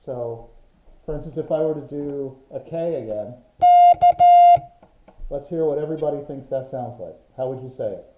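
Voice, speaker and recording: A man's voice: mid-range voice, normal speed, pauses often, music in the background. Man teaching Morse code, roomy lo-fi. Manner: patient, explains with examples and rhythmic vocal sounds. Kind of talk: online class teaching. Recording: roomy, dull lo-fi sound.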